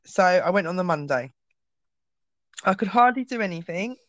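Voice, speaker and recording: A woman's voice: lowish voice, lively intonation, normal speed, dry recording. A woman, telling a personal story as an interview guest in a chatty way, acting out dialogue with frequent ums.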